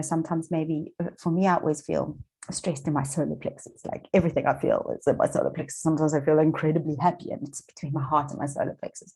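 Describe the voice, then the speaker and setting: This Australian woman's voice is deep, dark and husky with vocal fry, captured on a low-quality recording. She encourages viewers about manifesting in a chatty motivational talk to camera, repeating herself and using lots of fillers.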